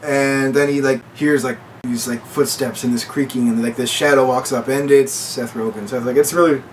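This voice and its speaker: A man casually retelling a movie plot, with lots of "like" fillers, and he jumps into high voices to quote the characters. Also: steady tone, moderate pace, distant mic, slight background noise. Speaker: movie reviewer.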